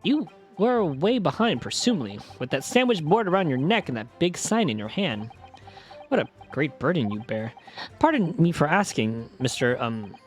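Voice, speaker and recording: A woman voicing a composed male courtroom lawyer in a low, measured, formal voice, as she reads a video game's lines aloud. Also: very animated, faint music behind. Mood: probing.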